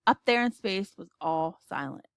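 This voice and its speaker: A woman reading a children's storybook aloud, with expressive narration. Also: medium pitch, moderate pace, clear, resonant tone, no echo. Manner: expressive, lively character voices. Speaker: audiobook reader.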